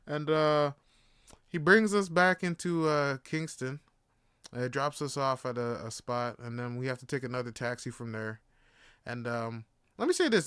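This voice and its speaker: A man hosting a podcast, telling a story in a casual, animated and profane way, often laughing. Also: on the high side, smooth, no room sound, studio quality. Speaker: podcast host.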